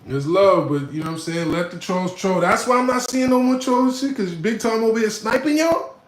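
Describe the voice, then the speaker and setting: A man hosting a livestream, reading viewer comments in a playful, animated, laughing banter. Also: high voice, fairly quick, echoey room. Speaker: livestream host. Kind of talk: casual live chat reading viewer comments.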